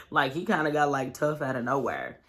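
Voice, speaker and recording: Low-voiced, bright woman gossiping casually. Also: very animated, moderate pace. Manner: loose, chatty, packed with "like" and "you know what I'm saying". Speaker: vlogger recapping a reality show. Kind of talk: casual storytelling recap.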